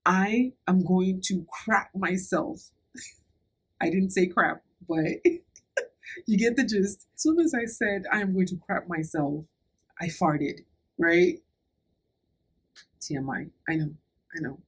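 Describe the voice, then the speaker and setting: A young woman vlogger casually telling a personal story to camera, animated and laughing as she acts out what people said. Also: fairly low pitch, takes it slowly, long pauses, husky. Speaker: beauty vlogger.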